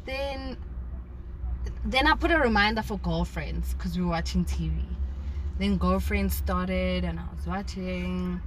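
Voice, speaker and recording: A woman's voice: on the low side, measured pace, slight background noise, rough recording. A young woman in her twenties, animatedly telling a dating story in casual chat with friends, acting out her own reactions.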